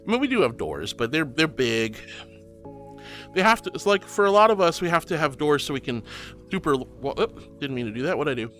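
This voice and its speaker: Gentle, fairly high-voiced male streamer. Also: sing-song, fairly quick. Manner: soft and affectionate, calls listeners honey and sweetie; comforting and earnest when consoling. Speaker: VTuber streamer. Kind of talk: casual livestream chat, reading viewer messages. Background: faint background music.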